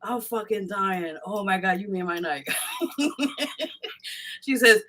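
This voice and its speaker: A woman's voice: medium pitch, slow, a bit bright. A woman hosting a live radio show, reading out viewers' comments and laughing a lot. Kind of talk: casual live show chat.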